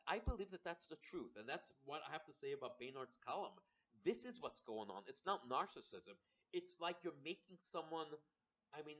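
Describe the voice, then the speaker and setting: A man delivers a loose, meandering political monologue at a middle pitch. He often restarts mid-sentence and briefly acts out what others say. The recording is dull and lo-fi. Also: fairly bright tone. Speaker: commentator.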